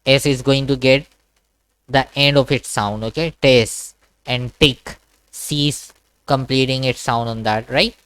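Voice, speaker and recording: A man teaches Quran reading in a one-to-one online lesson, slowly repeating each sound and checking in with "okay?" His voice is smooth and clear, and the sound is dry and close. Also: mid-range voice, steady tone, fairly bright tone, no room sound. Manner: patient, repetitive, checks understanding with "okay?". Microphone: video call.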